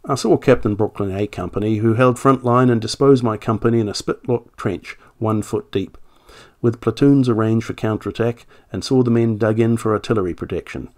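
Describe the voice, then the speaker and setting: A man reading out a wartime army captain's statement in a put-on voice, formal, measured and official. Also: fairly low pitch, a little mellow, natural voice. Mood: formal, reporting. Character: British army captain, adult man, formal and matter-of-fact.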